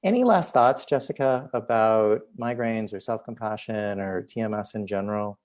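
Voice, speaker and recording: A physician and host talking casually on a video call, telling stories with lots of filler words. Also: male voice, lowish voice, moderate pace, a little mellow. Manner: chatty, many "like" fillers. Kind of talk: casual conversational storytelling.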